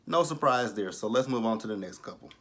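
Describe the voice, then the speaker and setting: A man's voice: fairly low pitch, expressive, brisk, fairly bright tone. A man giving casual, blunt, profane commentary on a reality TV episode. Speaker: reality TV reviewer.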